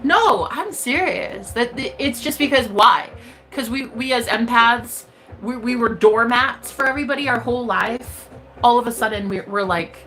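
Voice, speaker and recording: A woman's voice: fairly high pitch, lively intonation, normal speed, bright, forceful tone, faint music behind. A woman, a spiritual reader, giving an emphatic, profane motivational rant straight to her viewers.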